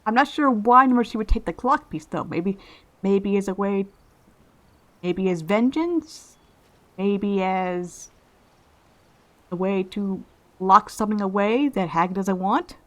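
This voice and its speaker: Hosting a let's play, a woman muses and speculates aloud in casual gameplay commentary, frequently restarting her phrases. Her mid-range voice moves slowly, with many pauses.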